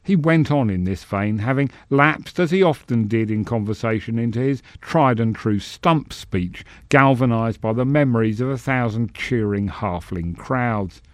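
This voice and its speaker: A man reading a fantasy story aloud in measured, expressive narration. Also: mid-range voice, no room sound. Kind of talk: scripted narration.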